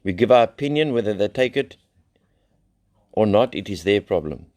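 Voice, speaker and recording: A man's voice: lowish voice, animated, normal speed, a little mellow. Blunt South African man telling recovery stories. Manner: blunt, rambling, salty slang and swearing. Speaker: addiction recovery center founder. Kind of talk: live recovery share, casual storytelling.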